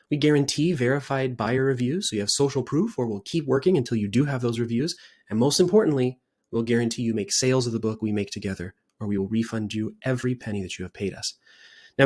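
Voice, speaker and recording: A man speaks earnestly to camera as the founder of a book-writing service, making a persuasive sales pitch and repeating his points for emphasis. His tone is somewhat dark.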